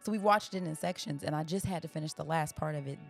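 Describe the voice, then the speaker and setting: Brief: woman co-host, expressive and casual, gravelly fry, slightly low pitch. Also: fast talker, faint music behind. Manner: expressive, laughs while talking. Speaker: podcast co-host. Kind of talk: casual chat.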